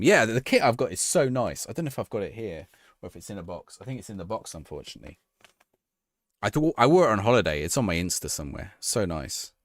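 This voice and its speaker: A man's voice: lowish voice, fairly bright tone, dry recording, studio quality. A man streaming a football management game live, reacting to the action and chatting with his viewers.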